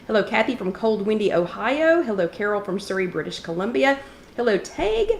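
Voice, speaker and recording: A woman hosting a casual livestream chat, greeting viewers by name and clearing her throat from allergies. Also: mid-range voice, expressive, brisk, roomy sound, slight background noise. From East Tennessee. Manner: chatty, greets viewers by name between remarks. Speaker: host of a live wellness chat.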